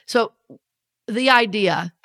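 A woman's voice: fairly high pitch, takes it slowly, a bit bright. A woman with a Southern US accent hosting a spiritual podcast, talking earnestly and laughing often. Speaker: podcast host and spiritual teacher.

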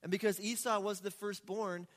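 Man, pastor, sermon, conversational storytelling, high voice, long hall echo. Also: fairly even intonation, normal speed, fairly bright tone. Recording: echoey hall with long reverb.

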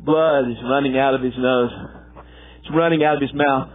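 A man preaching a sermon, telling a folksy coaching story with lively, acted-out quotes. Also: mid-range voice, normal speed, phone-quality sound. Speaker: pastor and former football coach.

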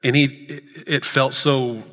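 A man retelling the words of a tearful six-year-old girl in his own voice, soft and earnest, in a reverberant hall. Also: medium pitch, little pitch movement, measured pace, close to an everyday voice. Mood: awed, earnest.

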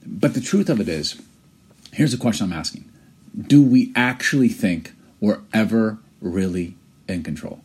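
A man's voice: on the low side, animated, moderate pace, darkish tone, slightly rough. A man in his forties co-hosting a podcast, telling stories in an earnest, reflective way. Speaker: podcast co-host. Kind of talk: casual chat.

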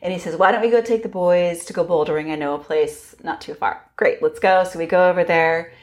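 A woman's voice: lowish voice, fairly quick, a little mellow. A woman in her forties, a podcast guest telling stories in casual chat, acting out her own reactions and laughing often. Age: 40s.

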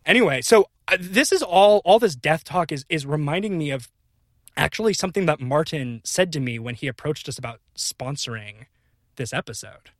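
A man co-hosting an improvised comedy podcast, excitable and rambling, breaking into laughter. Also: on the high side, normal speed, long pauses, no echo, studio quality. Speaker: podcast co-host.

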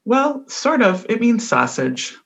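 A woman's voice: on the high side, big pitch swings, slow pace, vocal fry. A woman with a Midwestern accent co-hosting a podcast in casual chat, explaining things and laughing often. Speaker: podcast co-host.

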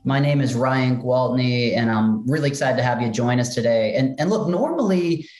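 A man's voice: mid-range voice, lively intonation, moderate pace, a little mellow. A man hosting a podcast, talking in a loose, rambling, playful way with plenty of fillers. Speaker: podcast host. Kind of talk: casual interview chat. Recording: roomy echo.

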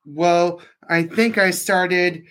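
A young man talking as a podcast guest in a casual interview, hesitant and halting, with many restarts and "like". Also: sits high, steady tone, fairly bright tone. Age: young adult.

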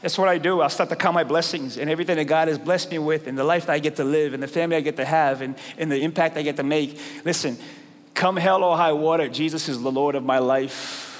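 A middle-aged man preaching a sermon in a church, talking casually with slang, then rising to loud, emphatic points. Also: on the high side, steady tone, fast. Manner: conversational preaching with slangy asides, building to loud emphatic peaks. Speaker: pastor. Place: large church hall with congregation. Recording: long hall reverb, crowd faintly behind.

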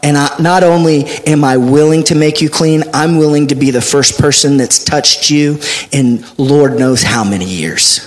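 A male pastor preaching a sermon, reading scripture aloud with animated delivery. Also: fairly high pitch, normal speed, hardly any pauses.

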